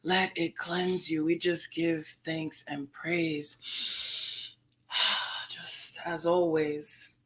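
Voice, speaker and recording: A woman's voice: low-pitched, level tone, extremely slow, fairly bright tone. A woman co-hosting a prayer and meditation gathering, answering with affirmations and turning playful and laughing. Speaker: co-host leading prayer and meditation.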